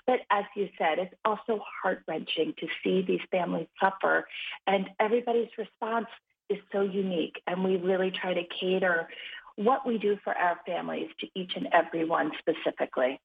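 A woman's voice: on the low side, normal speed, vocal fry. Woman, interview guest, upbeat earnest storyteller, narrow phone-line sound. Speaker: charity founder, guest. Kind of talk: interview conversation.

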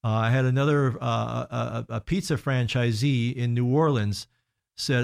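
Middle-aged man, radio show guest, earnest storytelling, frequent restarts, mid-range pitch. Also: fairly even intonation, moderate pace, vocal fry, clear, resonant tone. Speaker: guest consultant.

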